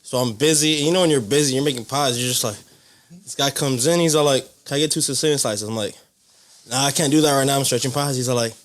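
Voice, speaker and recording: A man's voice: mid-range voice, fast. A young man on a casual podcast, telling a work story in a laid-back way. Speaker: podcast co-host.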